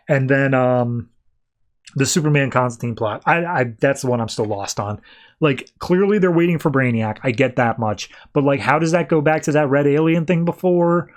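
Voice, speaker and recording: A man hosting a podcast, recapping and reviewing comics in a loose, rambling way, often quoting characters offhandedly. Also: mid-range voice. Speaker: podcast host.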